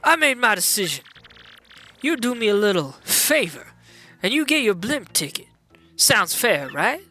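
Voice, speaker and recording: A man's voice: high voice, big pitch swings, unhurried, pushed and bright, voice pushed up, full character voice. Don Pianta, a man doing a bossy gangster-accented mob boss. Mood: gruff. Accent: New York gangster. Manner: tough, bossy, clipped. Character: gruff older male mob boss. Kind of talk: video game dialogue read-along.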